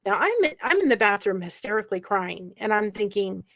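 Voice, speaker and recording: A woman telling a painful personal story in conversation, earnest and emotional, with quick asides. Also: mid-range voice, very animated, fairly bright tone. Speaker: guest sharing a personal story.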